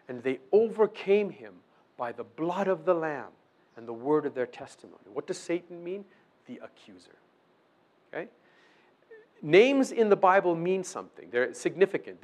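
A male preacher delivering a sermon in a loose, conversational way, often asking his listeners "okay?". His voice sits a little high and swoops up and down with lively intonation. He briefly acts out little exchanges to make his point. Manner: acts out short dialogues with the accuser. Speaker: pastor.

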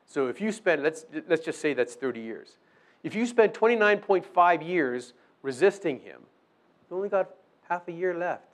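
A male preacher delivering a sermon in a loose, conversational way, often asking his listeners "okay?". His voice sits a little high and swoops up and down with lively intonation. He briefly acts out little exchanges to make his point. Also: normal speed. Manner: acts out short dialogues with the accuser. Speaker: pastor.

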